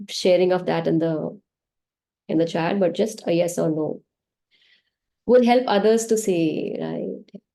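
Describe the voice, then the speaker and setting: A woman's voice: mid-range voice, mellow. A woman with an Indian English accent, chatting and telling stories as she hosts a live online meditation session, with laughs and restarts. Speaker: meditation session host and healer. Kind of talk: casual spiritual teaching on a live online session.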